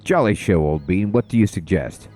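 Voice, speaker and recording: Game figure: pompous bearded dwarf toff, voiced by a man, plummy upper-class talk, lively swoops. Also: low-pitched, normal speed, faint music behind. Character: posh bearded male dwarf gentleman, fussy.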